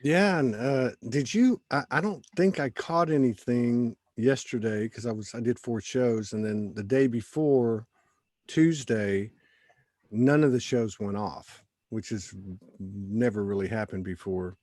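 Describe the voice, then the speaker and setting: A man's voice: mid-range voice, measured pace, a little mellow, dry recording, clean studio sound. A man hosting an interview show, telling a story in a chatty, rambling way with frequent restarts. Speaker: host. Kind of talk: casual conversational interview.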